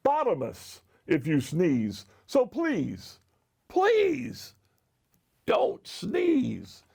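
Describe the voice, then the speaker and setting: A man's voice: a little high, big pitch swings, slow pace, a little mellow, full character voice. Man doing a worried pleading hippo.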